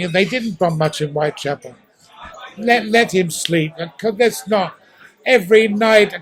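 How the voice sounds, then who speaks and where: Interviewed at a restaurant, an actor in his eighties from London's East End tells stories with theatrical flair and acted-out sounds, in a posh English accent. His voice sits high at a measured pace, captured on poor audio.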